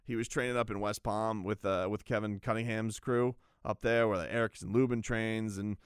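Guy doing a casual boxing talk show, smooth clear voice, dry close mic, rambles and gets animated telling stories. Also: fairly low pitch, normal speed, dry recording. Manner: rambling, animated storytelling with restarts. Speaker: boxing radio host. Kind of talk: casual sports talk monologue.

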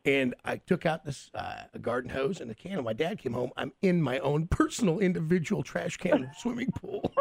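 A man hosting a casual chat, telling childhood stories in an animated, cussing way. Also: fairly high pitch, moderate pace, gravelly, few pauses, husky, no echo. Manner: animated, swearing storyteller.

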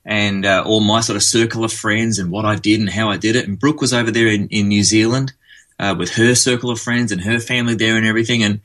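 Bright-voiced Australian man. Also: on the low side, steady tone, quick pace. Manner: chatty, storytelling, frequent fillers. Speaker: guest. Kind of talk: relaxed conversational interview.

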